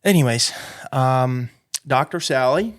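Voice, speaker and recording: A man in casual podcast chat who keeps looping back with "anyways" between bits of a rambling story. his pitch sits right in the middle for a man, neither high nor low, and he talks the way a co-host does when he is easing into a tale. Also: animated, takes it slowly. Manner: rambling, filler-heavy storytelling with frequent "anyways". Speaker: podcast co-host and dog trainer.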